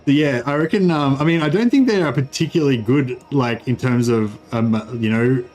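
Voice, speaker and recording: A man's voice: medium pitch, brisk, darkish tone. Rambling male game streamer. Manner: rambling, filler-heavy, explains game mechanics. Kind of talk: casual live-stream commentary.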